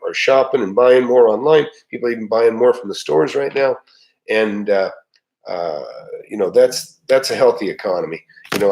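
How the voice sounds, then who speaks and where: A man's voice: on the low side, darkish tone, poor audio. Middle-aged male live-stream host, loose folksy delivery, lots of uh and restarts. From United States. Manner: rambling, folksy, many fillers and restarts. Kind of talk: casual live chat.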